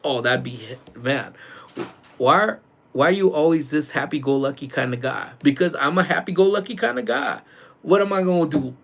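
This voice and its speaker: Loud, laughing male livestream host. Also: fairly high pitch, lively intonation, moderate pace, vocal fry. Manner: loud, laughing, joking banter. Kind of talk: casual livestream chat.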